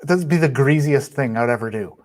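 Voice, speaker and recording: A man's voice: medium pitch, brisk. A man on a podcast, chatting casually with friends in a dry, self-mocking way. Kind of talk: casual chat among friends.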